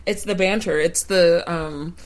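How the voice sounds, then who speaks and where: A woman guest on a pop culture podcast who talks in an animated, enthusiastic way with quick reactions. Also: fairly low pitch. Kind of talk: casual pop culture chat.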